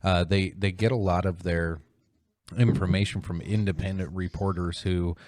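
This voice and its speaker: A man hosting a casual podcast, rambling and swearing, mocking others in sudden high-pitched voices. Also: steady tone, moderate pace, noisy background. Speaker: podcast host.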